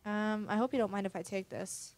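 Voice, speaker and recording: A woman's voice: mid-range voice, fairly even intonation, a little fast, darkish tone. A woman casually commenting on a horror game she is playing, reading its text aloud and swearing now and then. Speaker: let's play gamer.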